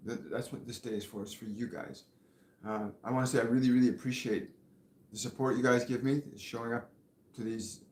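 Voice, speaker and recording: A man hosting a live spiritual question-and-answer stream, speaking gently with pauses and fillers and sometimes falling almost to a whisper. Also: on the low side, roomy sound. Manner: soft-spoken, gentle, pauses and fillers, drops to near whisper at times. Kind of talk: live-stream channeling and reading viewer questions.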